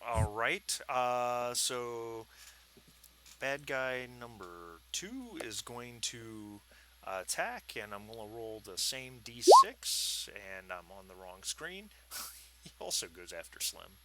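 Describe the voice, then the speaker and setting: A man running a tabletop game as game master, talking in a relaxed, hesitant way with many fillers. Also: mid-range voice, takes it slowly, slight background noise.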